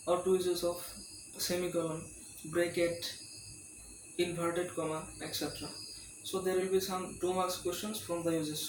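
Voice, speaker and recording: A male tutor giving an exam-prep lecture, reading questions aloud and reassuring students in a repetitive way. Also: fairly high pitch. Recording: roomy, distant mic with loud insect noise.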